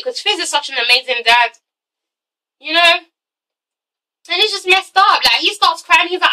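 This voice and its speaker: A woman's voice: extremely high pitch, sing-song, normal speed, long pauses, sharp tone, far from the mic, rough recording. A young woman vlogger giving a sassy, swearing review of a reality show episode, mimicking the people in it. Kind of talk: casual ranting review.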